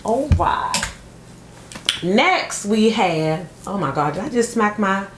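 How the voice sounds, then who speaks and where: A woman's voice: medium pitch, takes it slowly. Chatty woman vlogger in an echoey room. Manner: animated storytelling, addresses viewers as y'all. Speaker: thrift vlogger. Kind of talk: casual chat to camera. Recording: echoey room with faint noise.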